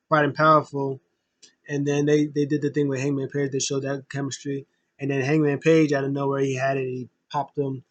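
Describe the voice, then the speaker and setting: Man, fairly high voice, casual wrestling recap, rambling and emotional, dry close sound. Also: dry recording, dull audio. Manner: rambling, filler-heavy, emotional fan talk. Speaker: wrestling show reviewer.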